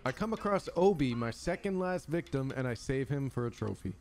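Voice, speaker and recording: A young man doing excitable let's-play commentary, yelling at the game and swearing casually between stretches of voice-over. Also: mid-range voice, fairly quick, few pauses, slight background noise. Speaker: gaming YouTuber.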